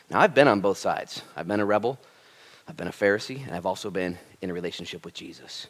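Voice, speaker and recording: Delivering a sermon at a quick pace, a man with a deep voice preaches to his congregation energetically and conversationally, punctuating it with lively quoted asides.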